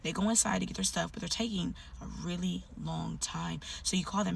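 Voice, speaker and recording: A woman's voice: fairly low pitch, fairly even intonation, vocal fry, husky, recorded from a distance. A woman telling a story to the listener in the second person, in an urgent way. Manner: urgent, rapid narration.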